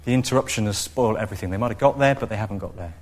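A man preaching a sermon, expressive and storytelling, now and then acting out what people in the story say. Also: on the low side, racing. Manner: expressive, acts out quoted voices.

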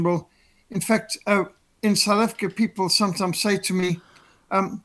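A man with a Rhodesian English accent, a podcast guest explaining in a measured way with frequent ums. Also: high voice, steady tone, a bit bright. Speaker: guest commentator. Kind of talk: casual podcast chat.

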